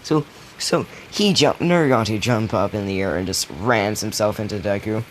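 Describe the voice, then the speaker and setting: A man's voice: on the low side, normal speed, slight background noise. A man telling a made-up story in a casual, rambling, profane way. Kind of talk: casual retelling of a fan scenario.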